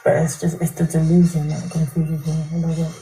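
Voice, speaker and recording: A woman's voice: low-pitched, level tone, fast talker, dark tone, faint music behind, poor audio. A woman talking casually as a reality show contestant, frank and direct. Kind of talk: casual conversation.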